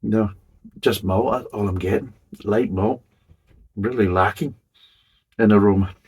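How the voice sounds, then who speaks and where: A man's voice: on the low side, a little slow, a little mellow, husky. A middle-aged man reviewing a beer in a chatty, rambling way, swearing casually as he goes.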